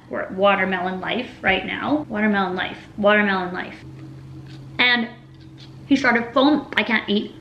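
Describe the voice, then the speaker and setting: A young woman talks to her camera in a loose, rambling way, her speech full of "like" and "literally". Her voice sits a bit high, and the room around her echoes. A faint hum runs underneath. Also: a bit bright. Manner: rambling storytelling, lots of "like" and "literally". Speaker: vlogger. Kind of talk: casual chatty mukbang vlog. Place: home room with a table.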